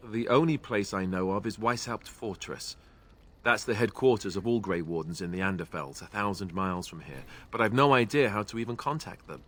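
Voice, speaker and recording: Young ex-templar warden in a game, british accent, low-ish voice, dry and a bit self-deprecating, faint music behind. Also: male voice, fairly bright tone. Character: young male Grey Warden, former templar, wry. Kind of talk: video game dialogue.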